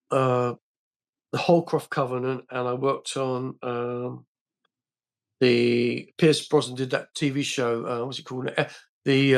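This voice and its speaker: An older man, a film actor guest on a podcast, telling rambling stories full of fillers and restarts. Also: mid-range voice. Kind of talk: casual interview storytelling.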